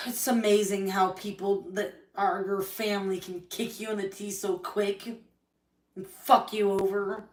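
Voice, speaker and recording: A woman's voice: mid-range voice, little pitch movement, measured pace, distant mic. A woman venting angrily and tearfully on a livestream, swearing often as she speaks about her family and her hurt. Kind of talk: emotional livestream rant. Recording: echoey room, voice from the mic.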